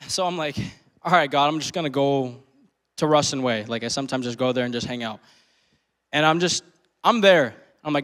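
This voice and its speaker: A man's voice: mid-range voice, normal speed, pauses often, fairly bright tone, smooth. A man in his twenties telling a personal story during a sermon, casual and full of slang, laughing often. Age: 20s. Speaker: preacher.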